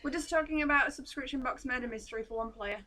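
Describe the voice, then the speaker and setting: A high-pitched woman co-hosts a casual live stream. Her voice is bright and clear, and she talks in a playful, teasing way with lots of giggles. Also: rapid-fire.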